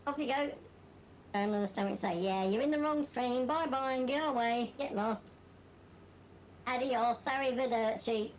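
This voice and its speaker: A woman's voice: fairly high pitch, normal speed, muffled recording, a little hiss or hum. A woman streaming a game, chatting to viewers in a blunt, sweary, dismissive way; her voice is off from its usual sound. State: voice not at its normal sound. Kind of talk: live-stream chat while gaming.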